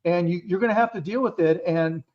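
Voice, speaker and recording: A man's voice: high voice, a little fast. A man in his fifties, a business guest in an interview, telling stories from his early career in a blunt, candid way and swearing freely. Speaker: guest entrepreneur. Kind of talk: casual interview storytelling. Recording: dull lo-fi sound.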